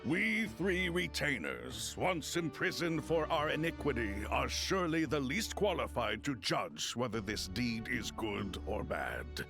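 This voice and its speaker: An actor playing a solemn, formal male retainer spirit in a video game, speaking in a measured, gravelly way over game music. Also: medium pitch, big pitch swings. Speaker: game character, a former retainer.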